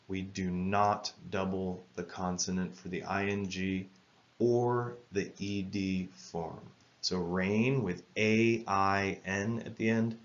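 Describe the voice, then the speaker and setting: A man with a low voice explains spelling rules as a patient teacher. He speaks slowly and carefully and spells words out letter by letter. The recording sounds a little dull. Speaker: English grammar teacher. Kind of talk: scripted lesson narration.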